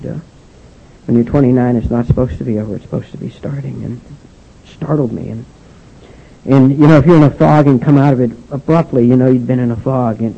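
Older man, gravelly, mid-pitched, halting testimony speaker, dull lo-fi recording. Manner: halting, with frequent "and, uh" restarts. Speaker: speaker sharing his recovery story. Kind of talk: personal testimony speech.

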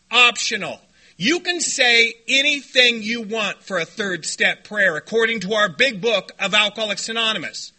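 A man telling a personal story at a recovery meeting, animated and self-deprecating, often laughing. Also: very high-pitched.

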